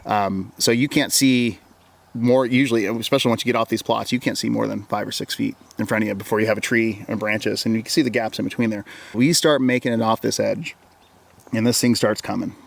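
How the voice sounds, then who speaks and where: He has a lowish voice with vocal fry, fairly even intonation, and a slightly fast pace. The man is an Oregon wilderness guide giving an interview and casually recounting an encounter in a long, rambling story. He repeats words and quotes himself with "I'm like."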